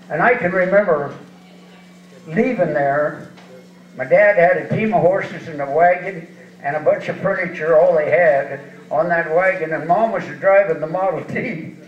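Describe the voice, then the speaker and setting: A man's voice: on the high side, slight background noise. A man in his eighties from eastern Washington, telling folksy, chuckling rodeo stories in an onstage interview. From eastern Washington, USA. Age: 80s. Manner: folksy, chuckling, rambling anecdotes. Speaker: rodeo hall of fame inductee, interviewee. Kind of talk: storytelling on stage interview. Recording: distant, echoey and dull hall sound.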